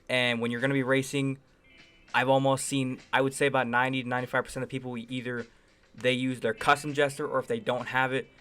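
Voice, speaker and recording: A man's voice: mid-range voice, fairly bright tone. A man hosting a gaming channel, casually rambling through enthusiastic game reviews and hedging often with phrases like "I would say.". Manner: enthusiastic, chatty. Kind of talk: casual gameplay review commentary.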